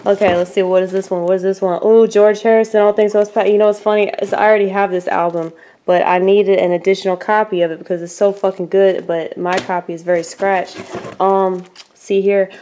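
A woman, chatting excitedly and swearing freely as she unboxes a package in a casual vlog. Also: mid-range voice, brisk. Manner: giddy, excitable, swears freely, repeats herself. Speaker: vlogger.

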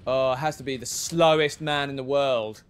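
A man's voice: mid-range voice, steady tone, moderate pace, smooth. A man giving casual, chatty commentary while playing a video game, with self-mocking asides. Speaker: gaming video creator.

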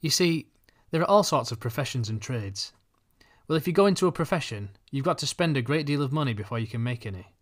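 A man voicing a thin, money-minded schoolboy who talks calmly and deliberately. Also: medium pitch, lightly acted. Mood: calculating. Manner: calm, calculating, deliberate.

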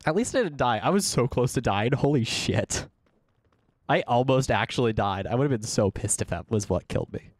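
A man's voice: medium pitch, lively intonation, moderate pace, no room sound, clean studio sound. A man streaming a game, rambling casually to his chat, swearing and laughing at himself. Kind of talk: casual livestream commentary.

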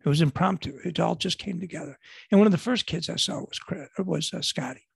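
A middle-aged man from Buffalo, New York, with a Western New York accent, tells a heartfelt personal story as a guest speaker, rambling and earnestly repeating himself. His voice is high, gravelly and husky, a little fast, and recorded without echo.

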